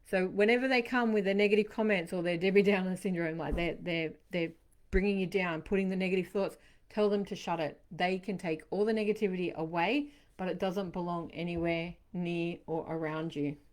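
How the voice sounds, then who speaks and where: A woman hosting a live-streamed tarot card reading, chatting warmly to viewers by name and passing on reassuring messages. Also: lowish voice, fairly even intonation, fairly quick. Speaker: tarot reader.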